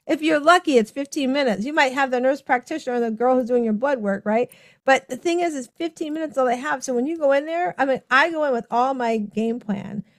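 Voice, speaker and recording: A woman hosting a podcast conversation, animated as she tells stories and acts out the people she quotes. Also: high-pitched, a little fast, no room sound, studio quality. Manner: animated storytelling, acting out quoted dialogue with laughs. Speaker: podcast host. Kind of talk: casual conversation.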